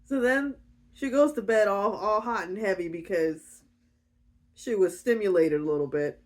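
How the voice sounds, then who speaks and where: A woman's voice: medium pitch, normal speed. A woman giving a casual, giggly, chatty recap of a romance novel. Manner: giggly, chatty, with frequent fillers. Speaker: book reviewer.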